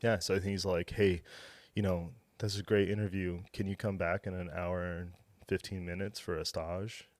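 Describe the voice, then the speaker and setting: A man's voice: deep voice, little pitch movement, normal speed, no room sound. A man, a restaurant beverage director, chatting as a podcast guest, telling stories in a loose, filler-heavy way and acting out quoted lines. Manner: rambling, filler-heavy, acts out quoted dialogue. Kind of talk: casual storytelling interview.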